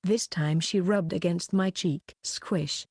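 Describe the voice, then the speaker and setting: A woman reading a web novel aloud as an audiobook narrator, keeping one even voice throughout. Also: on the low side, slow, breathy edge, no echo, studio quality.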